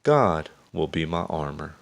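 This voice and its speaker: A man's voice: rumbling low, animated, measured pace, gravelly, full character voice. A man voicing a brave young shepherd boy who speaks earnestly and with determination in a storybook reading.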